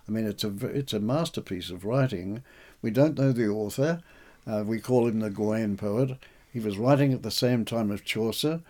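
A man's voice: lowish voice, normal speed. Man recounting verse translation work. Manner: animated, recites verse aloud. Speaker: poet and translator. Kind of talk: conversational interview.

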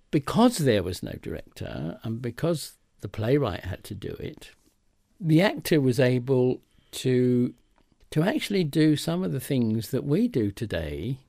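An older theatre director talks thoughtfully in a radio interview and taps out rhythms with his voice as he explains. His voice is gravelly and mellow. The recording is close and dry. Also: mid-range voice, no room sound. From trained in England. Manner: thoughtful, demonstrates rhythm aloud. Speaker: theatre director and actor, guest.

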